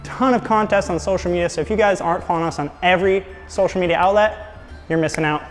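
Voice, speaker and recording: Young man, high voice, upbeat sales patter, reverberant workshop. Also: quick pace. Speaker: host of a scooter shop channel. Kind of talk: casual product vlog. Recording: reverberant room, faint music.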